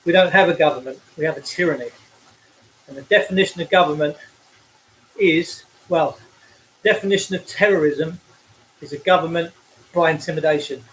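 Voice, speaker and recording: A man's voice: a little high, normal speed, long pauses, fairly bright tone, slight background noise, rough recording. An out-of-breath Englishman, delivering a blunt, preachy livestream rant while cycling outdoors, speaking into a phone.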